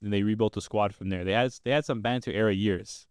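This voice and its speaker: Smooth low-voiced young male podcast host. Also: fairly even intonation, quick pace. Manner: upbeat, steers the talk with questions. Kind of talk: casual sports chat.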